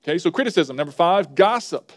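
A man's voice: on the high side, expressive, a little fast, dry recording, studio quality. A man preaching a sermon as a pastor, stressing and repeating his key words as he works through a numbered list. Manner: emphatic, repeats key words and lists points.

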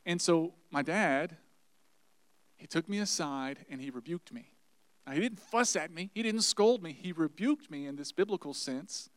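A man preaching a sermon, telling personal stories earnestly and swinging between quiet, soft passages and loud, emphatic warnings. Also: fairly high pitch, lively intonation, moderate pace, dry recording. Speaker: pastor.

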